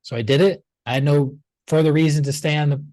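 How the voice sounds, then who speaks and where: A man's voice: fairly high pitch, fairly even intonation, fast, darkish tone, no room sound. A man in his forties, a guest in an interview, telling a personal story in a casual way and acting out past conversations.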